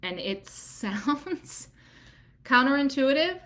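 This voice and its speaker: A woman doula and business coach who teaches to camera in a candid, animated way and laughs easily. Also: high-pitched, takes it slowly.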